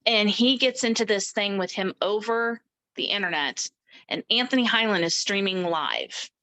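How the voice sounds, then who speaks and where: A middle-aged woman telling her personal story as an interview guest, animated and acting out the voices of people she quotes. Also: medium pitch, moderate pace, rough recording. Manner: animated, acts out quoted speech.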